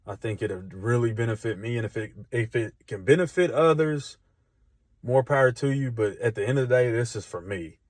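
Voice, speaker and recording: A man's voice: mid-range voice, lively intonation, a little fast, no room sound, clean studio sound. A man speaking candidly in a casual vlog about his own trading, often restarting his sentences. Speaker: trader documenting his journey.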